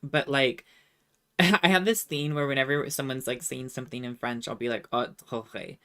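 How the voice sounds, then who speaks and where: Low-voiced woman chatting on stream. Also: normal speed, fairly bright tone, clean tone. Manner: chatty, laughs often, tries out rusty French. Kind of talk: casual chat reading viewer comments.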